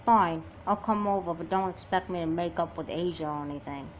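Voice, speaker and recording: A woman's voice: fairly low pitch, fairly quick, highs cut off, slight background noise, natural voice. A woman voicing a guarded teenage girl who answers in a curt, wary way in an amateur doll movie. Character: guarded, cold teen girl.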